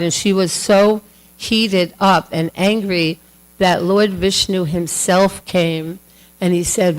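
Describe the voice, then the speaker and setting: A woman's voice: on the low side, steady tone, takes it slowly, low-quality recording. A woman telling a devotional story to a class in a chatty, casual way with many fillers, acting out the voices. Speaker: class speaker.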